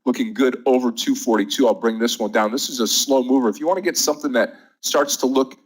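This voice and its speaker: A man's voice: mid-range voice, fast talker, rough recording. A man hosting a live day-trading room, running through market numbers and greeting viewers by name in an upbeat, chatty way.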